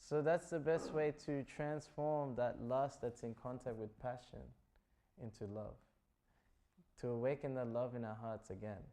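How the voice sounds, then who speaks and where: A man's voice: mid-range voice, steady tone, unhurried, warm tone. A man giving a scripture class, retelling stories in a loose, chatty way full of "like" and "you know". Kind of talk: casual storytelling talk.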